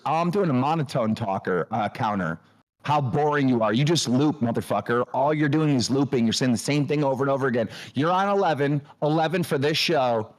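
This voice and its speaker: Loud, animated man ranting on a stream. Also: mid-range voice, brisk. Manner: loud, scolding, mocking, swears constantly. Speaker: show host. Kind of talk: profane livestream rant.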